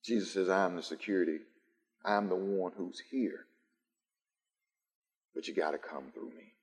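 Emphatic preacher in a reverberant church. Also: male voice, deep voice, moderate pace, darkish tone. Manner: preaching with swelling, emphatic repetition. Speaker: pastor. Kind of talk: sermon. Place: church sanctuary, live-streamed.

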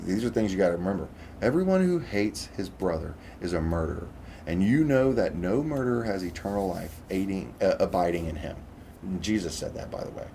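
Deep-voiced man preaching a sermon. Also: a little mellow, slight background noise. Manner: conversational, repeats "okay?" often; reads scripture aloud.

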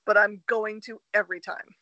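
A woman's voice: mid-range voice, little pitch movement, moderate pace, bright, forceful tone, no echo, lo-fi sound. A woman co-hosting a podcast, chatting casually and earnestly about what moves her. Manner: earnest, reflective, talks through her feelings. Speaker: podcast co-host. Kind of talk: casual chat.

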